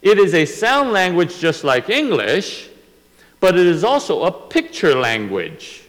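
A man teaching a Bible lesson, explaining slowly and step by step, often restarting his sentences. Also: high-pitched, wildly swooping pitch, a bit bright, big-room sound, rough recording.

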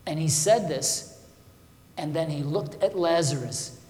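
A man preaching a sermon as a pastor, conversational and questioning his listeners, moving between loud emphasis and quiet asides. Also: on the high side, a little slow. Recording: echoey hall with long reverb.

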